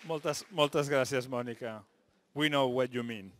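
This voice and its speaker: A man's voice: mid-range voice, unhurried, a bit bright, a faint crowd, a little hiss or hum. A man hosting the event, briefly thanking and introducing each speaker.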